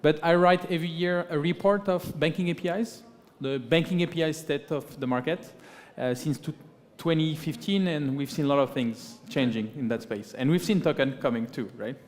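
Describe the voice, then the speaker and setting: A man's voice: on the high side, normal speed, few pauses. Hesitant man with rising tags, echoing hall. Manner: hesitant, many fillers, ends points with "right?". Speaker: conference founder and guest speaker. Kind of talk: conference panel talk. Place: conference stage in a large hall. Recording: long hall reverb from a PA.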